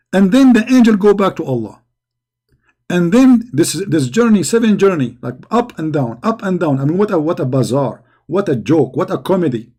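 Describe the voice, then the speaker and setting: High-voiced man, mocking and combative. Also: expressive, a little fast, darkish tone, breathy edge. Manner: mocking, challenging, non-native grammar. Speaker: commentator. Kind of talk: combative commentary.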